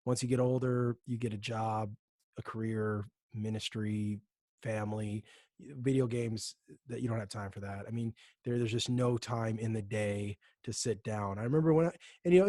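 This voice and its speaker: A man's voice: medium pitch, fairly quick, darkish tone, dry recording, studio quality. A young man co-hosting a casual chat podcast, telling rambling stories with many restarts. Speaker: podcast co-host.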